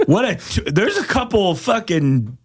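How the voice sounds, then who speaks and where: A man's voice: high voice, moderate pace, slight background noise. A young man hosting a podcast, chatting casually and jokingly and laughing often. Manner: laughs often, animated and jokey. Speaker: podcast host. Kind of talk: casual comedic chat.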